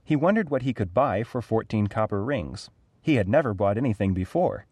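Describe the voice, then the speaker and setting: Low-voiced man reading a storybook. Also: a little fast, no echo. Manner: clear, even read-aloud delivery. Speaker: narrator.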